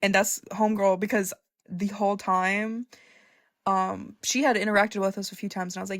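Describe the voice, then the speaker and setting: Excitable, gushing young woman with a dry sound. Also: medium pitch, normal speed, dry recording. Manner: excitable, gushing and profane, laughing often. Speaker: vlogger. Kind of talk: casual storytime.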